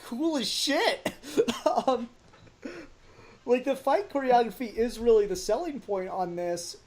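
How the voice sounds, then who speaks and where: A man co-hosting a casual podcast film review, talking with animated energy, laughing often and swearing casually. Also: very high-pitched, slow pace. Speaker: podcast co-host.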